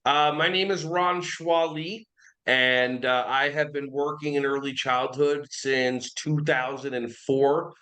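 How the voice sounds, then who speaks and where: An energetic man in his forties, originally from New Jersey, chats casually as a podcast guest. His voice sits at a middle pitch, and he now and then bursts into playful voices to make a point. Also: slow, poor audio. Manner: energetic, animated storyteller who breaks into silly voices. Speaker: guest, early childhood behavior trainer.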